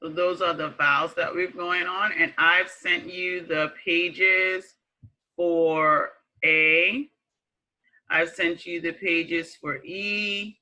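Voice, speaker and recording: Woman teacher, casual announcements; slow, even, very bright voice. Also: deep voice, poor audio. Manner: slow and chatty with fillers. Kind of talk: casual remote class announcements.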